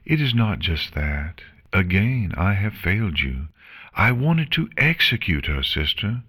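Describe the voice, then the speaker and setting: A man's voice: low-pitched, big pitch swings, a little slow, bright, forceful tone, husky, pitched above the performer's own voice, heavily acted. Man voicing a remorseful pony princess. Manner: formal, earnest, emotional speech. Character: formal, remorseful pony princess of the night, woman. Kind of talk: fan fiction reading.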